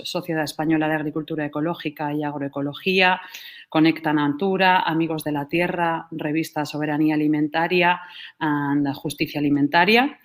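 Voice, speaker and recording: Low-voiced woman giving a prepared speech. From Spain. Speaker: organizing committee representative.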